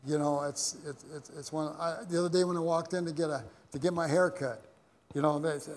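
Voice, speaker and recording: Recorded with a long hall reverb, this pastor speaks at a fairly high pitch, a little fast, with fairly even intonation. His sermon unfolds through meandering stories, marked by many repeated words and false starts.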